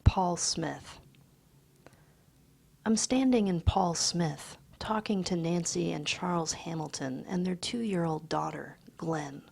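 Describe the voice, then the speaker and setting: A woman reads a literary excerpt in a hushed voice that slips into whispers. Her tone is low, husky and full of gravelly fry, and she takes it very slowly. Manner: hushed, half-whispered delivery. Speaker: reader. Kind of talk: literary reading of a novel excerpt.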